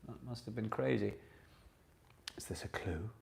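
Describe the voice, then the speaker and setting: A man's voice: fairly low pitch, normal speed, creaky, a little mellow. A man hosting a live online pub quiz, chatting with viewers and reading out each question twice. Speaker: quiz host.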